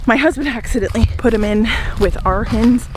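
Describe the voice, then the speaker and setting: A woman's voice: fairly high pitch, a little fast, a little hiss or hum. Chatty young woman vlogging outdoors on a farm. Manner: chatty and upbeat, laughing often. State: a little out of breath. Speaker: flower farmer and homesteader. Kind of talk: casual vlog talking to camera. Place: outdoors on a farm, in a flower garden.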